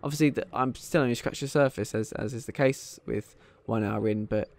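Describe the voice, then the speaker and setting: A man's voice: mid-range voice, a little fast, gravelly, few pauses, a little mellow. A man hosting a gaming channel, chatting casually and enthusiastically over his gameplay with frequent ums.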